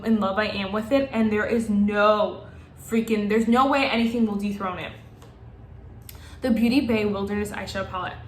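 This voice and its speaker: Young woman, casual makeup vlog, gushing, excitable, fairly high voice, echoey room. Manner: gushing, excitable, talks to the viewers. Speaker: beauty vlogger.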